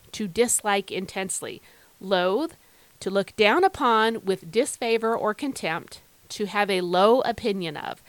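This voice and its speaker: A woman hosting a devotional podcast, talking earnestly and conversationally, asking listeners direct questions and slowing down to read verses with emphasis. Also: medium pitch, no room sound. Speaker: podcast host.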